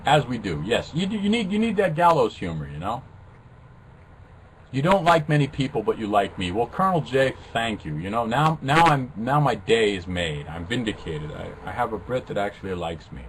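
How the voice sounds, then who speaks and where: Guy riffing on a webcast, bouncy pitch, jokey and self-deprecating, faint hiss behind. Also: big pitch swings, moderate pace. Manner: flippant, joking, self-mocking. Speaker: live webcast host. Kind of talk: casual rambling chat with viewers.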